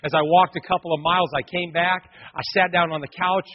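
A man's voice: high voice, brisk. A middle-aged man, a pastor, preaching a sermon and telling a personal story straight to his congregation. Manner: animated storytelling, addresses the congregation directly. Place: church sanctuary. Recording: long church reverb, dull muffled sound.

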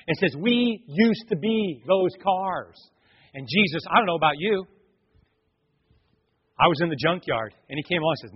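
A man preaching a sermon, telling stories with lively acted voices and loud shouts. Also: on the high side, normal speed, slightly rough. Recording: echoey hall, dull lo-fi sound.

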